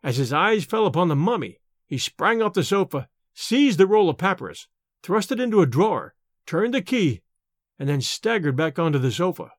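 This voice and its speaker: A man narrates an audiobook in a measured, expressive manner. His voice is high and swings widely in pitch. The recording is dry and close, with no room echo.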